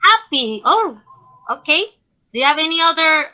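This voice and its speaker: Bright high-voiced Filipino English woman teaching. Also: sing-song, rough recording. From Philippines. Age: young adult. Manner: deliberate, checks in often with okay. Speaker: teacher in a class role-play. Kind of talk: classroom teaching.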